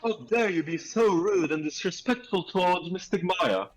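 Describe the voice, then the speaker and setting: A man's voice: fairly high pitch, huge pitch swings, a little slow, heavily acted, rough recording. A man voicing a stern elderly woman from a village, formal and scolding, calling the listener "good sir" again and again.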